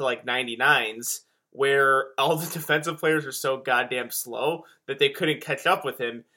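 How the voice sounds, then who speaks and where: A man co-hosting a podcast, chatting casually in a rambling, animated way. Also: medium pitch. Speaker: podcast co-host. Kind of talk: casual chat.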